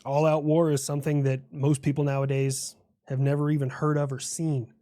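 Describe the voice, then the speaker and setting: A man's voice: on the high side, level tone, fairly quick, warm tone, dry recording, natural voice. Casting: man as a proud, know-it-all personified America for a cartoon skit; dry close recording. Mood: boastful. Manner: boastful, explains at length. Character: proud personified United States, male, lecturing. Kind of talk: comedic animated skit dialogue.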